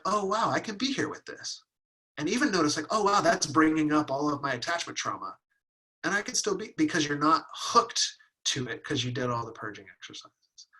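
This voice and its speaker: A husky, bright-toned middle-aged man leads a relaxed class on Taoist practice. He talks loosely and lively, slipping into little voices to act out what people think. His delivery is casual and playful. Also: mid-range voice, low-quality recording. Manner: animated, acts out inner voices with playful laughs. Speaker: Taoist teacher leading a workshop. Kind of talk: teaching a live online class.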